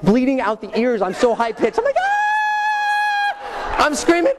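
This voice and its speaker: A man's voice: extremely high pitch, fast talker, over a noisy crowd. A young adult man, a motivational speaker, telling a comic story on stage and acting out screams and dialogue. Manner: animated, acts out screams and dialogue. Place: large hall with audience. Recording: echoey hall, faint noise.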